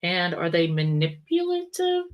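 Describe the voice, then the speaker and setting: The audio is dull as a tarot reader with a lowish voice speaks a little slowly but very animatedly. Her casual reading rambles, full of self-corrections and talkative asides.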